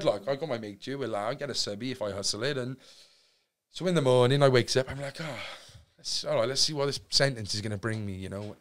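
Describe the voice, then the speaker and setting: A young man with a Cardiff accent, a podcast guest telling a story in a casual, animated way and acting out what people said. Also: medium pitch, brisk. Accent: Welsh, Cardiff. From Wales. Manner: animated, acts out quotes, swears freely.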